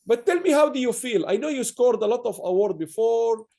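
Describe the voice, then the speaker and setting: Guy hosting an online awards thing, high voice, kinda dark tone, rambles with lots of uhs and restarts. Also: lively intonation, fairly quick, creaky. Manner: rambling, with many fillers and restarts. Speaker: awards ceremony host. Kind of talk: online awards ceremony speech.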